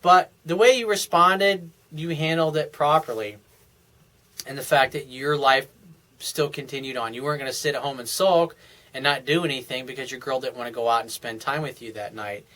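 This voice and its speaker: A man's voice: mid-range voice, moderate pace, bright, forceful tone. A man talking as a dating coach, giving casual advice in a blunt, frank and profane way, often restarting his sentences.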